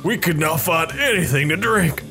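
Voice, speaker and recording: Dude reading as a sad old-timey colonist dad, all solemn and dramatic, music behind. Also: male voice, on the high side, lively intonation, normal speed, pitched above the performer's own voice, natural voice. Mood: mournful. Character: grieving medieval colonist father writing a journal.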